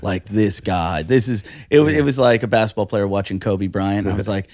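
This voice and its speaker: Fields: Sex: man. Role: podcast co-host. Style: animated storytelling. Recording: dry, close mic. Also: fairly low pitch, quick pace, few pauses, no echo. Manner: animated, swearing, acts out quotes. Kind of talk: casual chat, storytelling.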